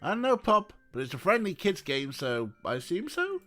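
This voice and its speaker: A man's voice: high voice, normal speed, voice pushed up, heavily acted. A man voicing a cocky, cheeky young girl who is captain of a kids' team. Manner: bright, cheeky and excited.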